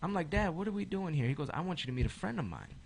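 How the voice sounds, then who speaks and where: A man's voice: a little high, rapid-fire, creaky, a little hiss or hum. A young man telling a story in a casual group chat, acting out the voices in it. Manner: animated, acts out quoted voices. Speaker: podcast guest.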